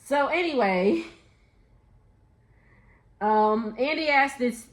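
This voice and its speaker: A woman's voice: high voice, animated, slow pace. A young woman chatting through a casual gossip recap, laughing often and quoting people in playful voices. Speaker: reality TV recap vlogger.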